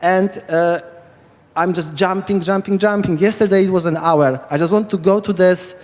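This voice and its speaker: A man's voice: high voice, fairly even intonation, normal speed. Enthusiastic Polish man in a hall. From Poland. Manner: enthusiastic, rambling and hesitant with many fillers. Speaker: speaker giving a short conference talk. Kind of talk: quick lightning talk. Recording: echoey hall reverb.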